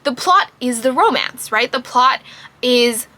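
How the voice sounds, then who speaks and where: A woman giving a casual book review to camera, emphatic and quick to laugh. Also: high voice, animated, bright, forceful tone.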